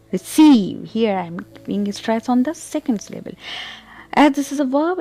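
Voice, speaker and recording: A woman teaching English pronunciation in a slow, deliberate lesson, repeating example words and checking in with "okay?". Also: medium pitch, creaky, dark tone.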